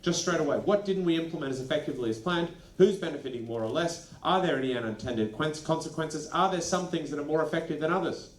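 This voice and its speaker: A man presenting a lively workshop to school leaders, animated and acting out quick snippets of dialogue. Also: fairly high pitch. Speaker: education consultant presenting a workshop. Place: training venue. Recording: echoey room.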